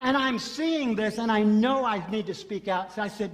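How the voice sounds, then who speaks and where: A man's voice: high voice, fairly quick, hardly any pauses. A man preaching a sermon as pastor, telling a story and repeating phrases for emphasis. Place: church sanctuary. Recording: long hall reverb.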